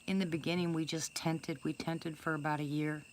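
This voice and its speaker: An older woman with a low voice tells a long first-person story in a chatty, rambling way, full of restarts and fillers. She speaks to viewers as if chatting with them. Faint crickets and insects chirp in the background. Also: level tone, moderate pace, a little hiss or hum. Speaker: storyteller greeting live viewers.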